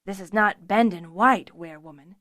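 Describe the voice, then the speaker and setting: A man's voice: sits high, normal speed. Genial host craftsman, voiced by a woman. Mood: jovial. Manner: pleasant, teasing, gently coaxing.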